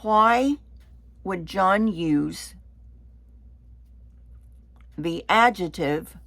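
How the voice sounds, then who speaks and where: A woman leading a Bible study lesson, explaining slowly and deliberately and sometimes repeating a word as she goes. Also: on the low side, fairly bright tone.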